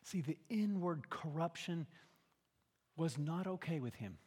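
An older man preaching a sermon as a pastor, with dramatic swings from hushed, quiet lines to loud shouting. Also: a little high, expressive, unhurried, husky, big-room sound.

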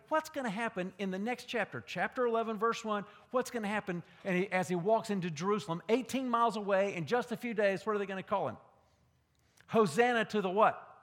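High-voiced dramatic male preacher. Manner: dramatic, swings from loud calls to whispers. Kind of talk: sermon. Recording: long hall reverb.

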